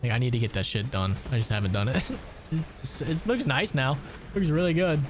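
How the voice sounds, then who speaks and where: A man's voice: medium pitch, fairly quick, music in the background. A young man streaming a game, chatting casually with a crude, joking manner, answering chat and laughing often.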